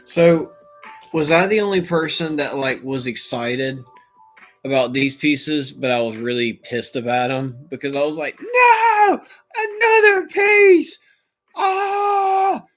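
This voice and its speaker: A man hosting a casual livestream chat, talking in an animated way and bursting into playful shouting impressions. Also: medium pitch, a little slow, faint music behind. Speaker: livestream host.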